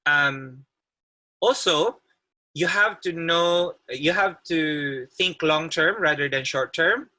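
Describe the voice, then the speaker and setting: A man's voice: fairly high pitch, slow pace, pushed and bright, low-quality recording. A man who is an occupational therapist giving a friendly webinar talk over a video call, laughing often and restarting his sentences. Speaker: guest speaker, occupational therapist. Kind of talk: webinar presentation.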